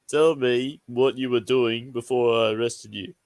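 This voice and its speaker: A man voicing a weary male police officer in an animated cartoon, with an Australian accent, questioning patiently. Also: medium pitch, no room sound.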